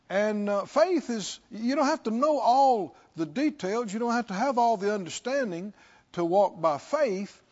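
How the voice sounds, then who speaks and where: Man, preacher, high voice, very animated pitch, call-and-response sermon, muffled sound. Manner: call-and-response, repeating questions with rising fervor.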